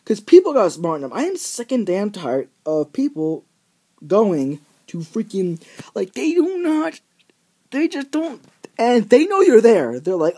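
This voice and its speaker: A man's voice: sits high, wildly swooping pitch, unhurried, dark tone. A teenage boy ranting casually on his vlog, profane and rambling, full of filler words. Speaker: vlogger.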